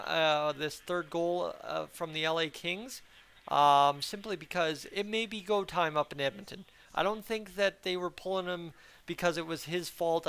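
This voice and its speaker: A man's voice: a little high, a bit bright, clear, resonant tone. A young man hosting a casual fan commentary channel, rambling and chatty with a frustrated edge. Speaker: hockey fan channel host.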